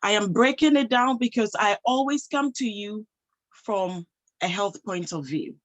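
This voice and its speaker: A woman's voice: mid-range voice, expressive, unhurried, poor audio. A woman giving a motivational talk to an audience, emphatic, posing rhetorical questions and answering them herself. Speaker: motivational speaker and health professional.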